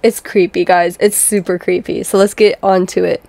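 A woman's voice: fairly low pitch, flat delivery, normal speed, vocal fry, mellow, no echo. A woman chatting casually to her viewers about game lore, with lots of fillers and asides to the audience. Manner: chatty, filler-heavy, keeps addressing viewers. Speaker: gaming video creator.

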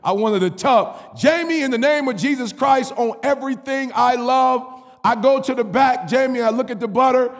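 High, raspy-edged male preacher, animated storytelling with call-and-response, in a reverberant hall. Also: moderate pace. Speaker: pastor. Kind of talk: sermon storytelling.

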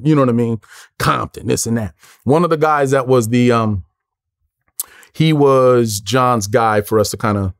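Man in his forties, animated storyteller, slangy, dry close sound. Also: vocal fry, dry recording. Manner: lively, acts out quotes with big pitch jumps, casual slang. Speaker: interview guest.

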